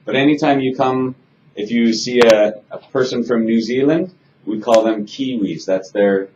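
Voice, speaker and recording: A man's voice: mid-range voice, moderate pace, a little mellow, highs cut off, slight background noise. A man teaching an English conversation class, friendly and chatty, asking students simple questions.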